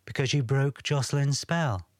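A gentle young woman in a storybook tells her story softly and plainly, as a male narrator reads her part. Her lines sit close to his usual middle pitch. The sound is dry and close. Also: normal speed, no room sound, lightly acted. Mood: explaining. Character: young woman, a freed friend, gentle and shy. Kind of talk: audiobook character reading.

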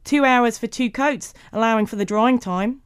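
A woman's voice: on the high side, moderate pace, clear, resonant tone, no room sound, clean studio sound, voice pushed up, natural voice. A woman reading a story aloud and voicing a tape recorder that plays back a man's edited words in choppy, stilted phrases. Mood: mechanical.

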